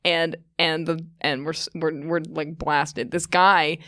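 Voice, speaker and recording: A woman's voice: sits low, flat delivery, unhurried, fairly bright tone, no echo, studio quality. A young woman guest on a podcast, a comedian telling a long rambling story in casual chat and laughing often. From England.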